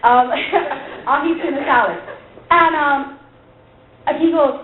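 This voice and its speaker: A woman, a pastor's wife, tells her church testimony to a women's group as an animated story, acting out the dialogue and laughing often. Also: sits high, takes it slowly, long pauses, slight background noise. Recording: tinny, phone-like recording in an echoey hall.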